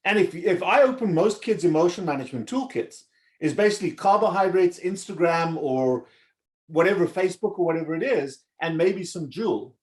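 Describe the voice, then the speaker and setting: Middle-aged man, doctor guest, lively up-and-down delivery, earnest, slightly high voice. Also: normal speed. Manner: earnest, expressive, explains at length. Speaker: surgeon guest. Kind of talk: conversational interview.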